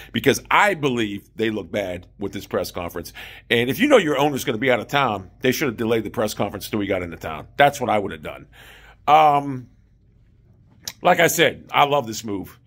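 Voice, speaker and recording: A man's voice: medium pitch, fairly bright tone. A man delivering an opinionated solo sports commentary, emphatic and self-assured, repeating his main point.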